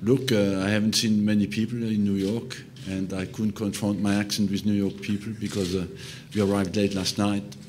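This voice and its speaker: An older man, a football manager, answering press questions slowly and hesitantly, with many fillers. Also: lowish voice, little pitch movement, noisy background.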